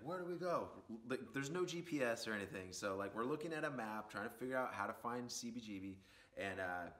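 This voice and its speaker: Relaxed, lower-voiced man telling a story. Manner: animated, rambling anecdote with many fillers and asides. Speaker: podcast host and musician. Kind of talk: casual storytelling.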